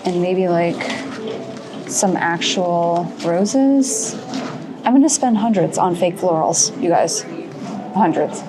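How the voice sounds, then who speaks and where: A woman craft vlogger chatting casually and excitedly, often laughing at herself, a little out of breath. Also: on the low side, normal speed, noisy background. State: a bit out of breath. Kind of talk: casual shop-with-me vlog chat.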